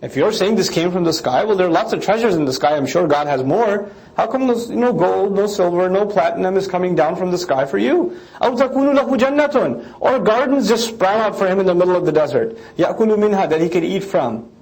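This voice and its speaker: A man lecturing on scripture. He explains it line by line and mimics critics in quick asides. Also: high voice, expressive, darkish tone.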